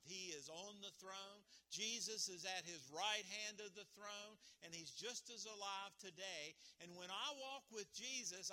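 A man preaching a sermon as pastor, animated and emphatic, often restarting his phrases. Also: sits high.

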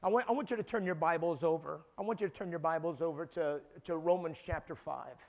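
High voiced preacher guy around 60, keeps repeating himself, gets loud and shouty. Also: fast. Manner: emphatic, repeats words, rises to shouting peaks. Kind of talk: sermon.

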